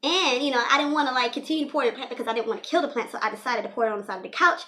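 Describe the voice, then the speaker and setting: A woman's voice: high voice, racing, pushed and bright. A young woman telling a personal story in a casual, rambling way, full of "you know" fillers. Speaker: storyteller vlogger.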